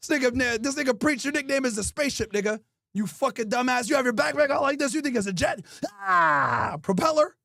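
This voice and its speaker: A man's voice: very high voice, fast, a bit bright, no room sound, clean studio sound. Crude mocking man roasting someone. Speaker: host. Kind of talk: improvised comedy roast.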